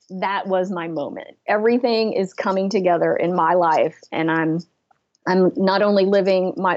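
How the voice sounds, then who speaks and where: Woman, business coach, earnest storytelling, lowish voice, muffled lo-fi recording. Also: darkish tone. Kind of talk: casual interview storytelling.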